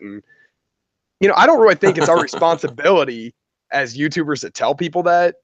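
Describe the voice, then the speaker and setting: A man hosting a casual crypto chat in a relaxed, rambling way, full of fillers. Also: fairly high pitch, a little fast, no echo, muffled recording. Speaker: podcast host.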